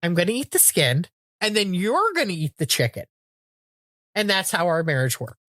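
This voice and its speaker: A woman's voice: lowish voice, normal speed, no echo, clean studio sound. A middle-aged woman co-hosting a podcast, telling stories in casual chat, acting out quotes with frequent swearing. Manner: animated storytelling with acted-out quotes, frequent swearing. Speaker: podcast co-host.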